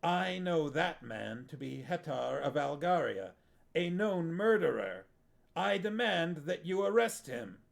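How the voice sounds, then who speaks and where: An indignant envoy who protests loudly in a fantasy storybook, as a man reading aloud voices him. The voice sits higher than the reader's own, slow and gravelly. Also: animated. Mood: protesting. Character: hostile foreign envoy, man, indignant and blustering.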